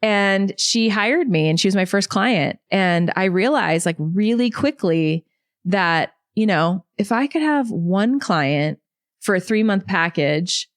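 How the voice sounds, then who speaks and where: A woman in her thirties talks through her story as a podcast guest, with a chatty, animated flow and plenty of "like". Her pitch sits in the middle of the range. The sound is close and dry, with no room around it. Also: slow, no echo. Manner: chatty, animated, says "like" often. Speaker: podcast guest, business coach. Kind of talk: casual interview storytelling. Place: podcast studio.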